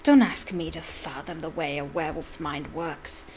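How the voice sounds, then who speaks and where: A cold, sneering male wizard professor, put on by a woman reading a storybook aloud. He talks in a silky hiss, soft and menacing. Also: mid-range voice, animated, normal speed, crowd noise, natural voice.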